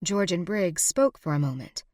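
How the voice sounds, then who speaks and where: A woman narrating a historical romance audiobook in a steady, expressive reading. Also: fairly low pitch, normal speed, no room sound, studio quality. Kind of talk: scripted narration.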